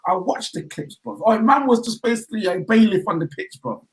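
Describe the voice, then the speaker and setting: A young man from the West Midlands of England, talking as a podcast guest in animated, slang-heavy casual banter about football. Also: high-pitched, brisk, few pauses, poor audio.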